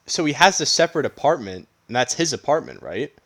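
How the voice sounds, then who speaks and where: A man talking casually about a film with a co-host, asking questions and chuckling between remarks. His pitch rises and falls a lot, so he sounds animated. His voice sits at a middle pitch. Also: brisk. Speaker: podcast co-host. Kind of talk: casual movie chat.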